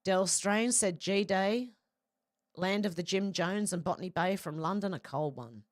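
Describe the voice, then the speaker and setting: Australian woman, live-stream host, a bit low, dry close sound, casual and slangy. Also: unhurried, no room sound. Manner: chatty, slangy, reads viewer comments in a run. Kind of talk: casual live stream, reading comments aloud.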